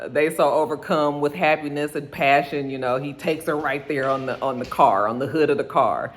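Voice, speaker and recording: A woman giving a casual, animated recap of a TV episode in slangy talk. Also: deep voice, moderate pace, few pauses. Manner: animated, slangy, acts out the characters' lines. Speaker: TV episode reviewer.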